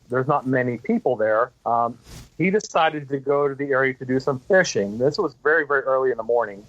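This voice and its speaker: A man in a mid-range voice tells a long account at an easy, meandering pace, often filling pauses with ums. The audio is a bit dull and lo-fi. He speaks as an interview guest sharing what he knows. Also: mid-range voice, fairly bright tone, dry recording. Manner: unhurried, detailed retelling with frequent ums. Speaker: guest, Bigfoot researcher. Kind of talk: casual storytelling interview.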